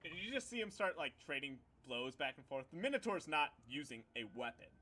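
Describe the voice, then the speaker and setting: A man's voice: on the high side, big pitch swings, brisk, bright, forceful tone. A man narrating a tabletop game as game master, telling it loosely with lots of fillers. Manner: loose, filler-heavy storytelling.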